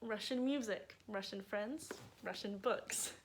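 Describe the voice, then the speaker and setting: A bubbly young woman talks straight to her camera in a loose, chatty vlog. Her speech is full of casual fillers, and her voice sits at an ordinary middle pitch for a woman. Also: slow pace, slight background noise. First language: English. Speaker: vlogger.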